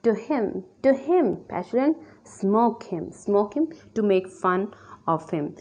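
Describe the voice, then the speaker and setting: A woman's voice: mid-range voice, lively intonation, slow, a little mellow. A woman with a Pakistani English accent reading the part of a silly young male fop, teasing and sing-song. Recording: dull lo-fi recording.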